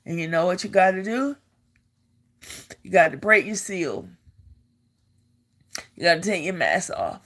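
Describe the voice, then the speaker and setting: An older woman recounts her own experience in a low voice, taking her time over every word. She speaks earnestly as she tells her story and repeats phrases to drive a point home. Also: lively intonation, a little slow, long pauses, fairly bright tone. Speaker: vlogger and army veteran. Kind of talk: personal storytelling.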